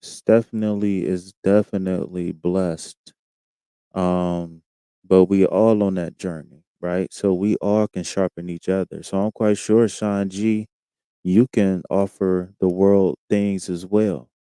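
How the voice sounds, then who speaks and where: A man's voice: sits low, fairly even intonation, slow pace, warm tone, clean tone, no room sound. A man hosting a live tarot stream, chatting casually in a laid-back, slangy way and reading out viewers' comments.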